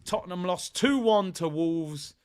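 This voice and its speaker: A man hosts a live football watchalong in a chatty, upbeat way. His voice sits a little higher than most men's. He reads out viewer comments and gives them shout-outs between his match analysis. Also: animated, measured pace, clear, resonant tone.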